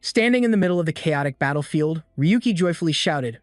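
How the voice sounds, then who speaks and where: A man's voice: a little high, expressive, brisk, hardly any pauses, no echo. Man narrating a recap in a dry, close voice. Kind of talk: scripted story recap narration. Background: faint background music.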